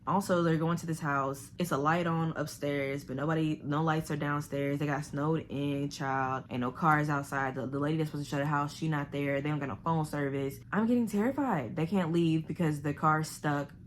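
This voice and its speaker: Low-voiced chatty woman booktuber. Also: normal speed, hardly any pauses, slight background noise. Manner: chatty, animated, drops into a hushed whisper when scared. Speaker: book vlogger. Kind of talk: casual chat reviewing a thriller. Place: home living room.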